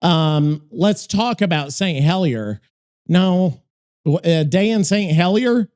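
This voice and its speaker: A man hosting a podcast in casual chat, rambling, swearing and excitable. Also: high-pitched, slow pace, clean tone. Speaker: podcast host.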